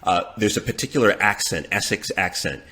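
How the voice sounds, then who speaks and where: A man's voice: lowish voice, expressive, fairly quick, bright, forceful tone. A man, a guest on a podcast, talking in casual chat and repeating words as he searches for his point. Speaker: podcast guest, dating expert.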